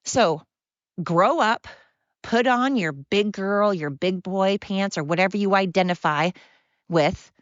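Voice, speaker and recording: A woman's voice: medium pitch, slow pace, dry recording. Heated woman ranting into a dull mic. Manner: heated, sarcastic, repetitive and emphatic. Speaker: podcast host. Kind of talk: angry solo rant. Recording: dull lo-fi sound.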